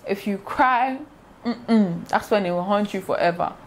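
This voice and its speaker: A young woman, telling a casual storytime vlog in an animated way and acting out sounds. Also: mid-range voice, unhurried, slight background noise. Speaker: vlogger.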